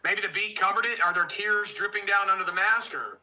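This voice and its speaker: Loud, joking man hosting a livestream. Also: sits high, steady tone, brisk, poor audio. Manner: loud, joking, mocking impressions. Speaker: livestream host. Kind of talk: casual livestream banter.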